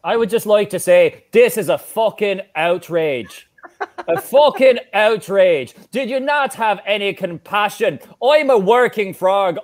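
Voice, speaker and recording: An indignant, crude chocolate frog mascot rants in a put-on Welsh accent, as a man improvises him. The voice sits high for a man, and he fumes about his unpaid labor with a comic edge. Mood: outraged. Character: foul-mouthed angry male chocolate frog mascot. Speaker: improv performer. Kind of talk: improvised comedy sketch.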